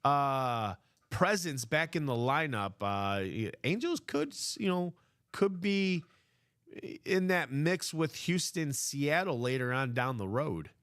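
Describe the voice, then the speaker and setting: A man's voice: on the high side, sing-song, a bit bright, clean tone. A man hosting a live card break stream, chatting casually and rambling with many fillers. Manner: rambling, slow, filler-heavy.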